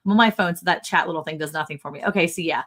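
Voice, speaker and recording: Talking very fast in a low-pitched but fairly bright voice, this woman co-hosts a casual livestream from her ranch, rambling chattily and frequently fixing what she says mid-sentence.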